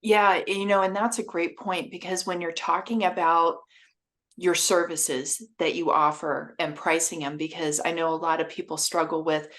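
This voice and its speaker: A woman with a somewhat low voice speaks as a guest on a casual podcast. She talks about her work in a confident, direct manner. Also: level tone, normal speed, a bit bright. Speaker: guest consultant. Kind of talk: casual interview chat.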